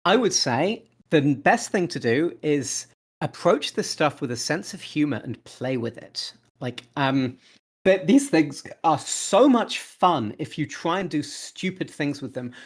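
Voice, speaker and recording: Chatty man with a slightly high voice. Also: very animated, unhurried, husky. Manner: enthusiastic, repeats words when restarting. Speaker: podcast guest, open source developer. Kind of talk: casual interview talk.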